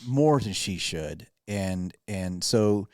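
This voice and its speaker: A man's voice: sits low, animated, slow, darkish tone, no echo, clean studio sound. A man, a pastor and podcast host, telling a self-deprecating story in casual chat with lots of restarts.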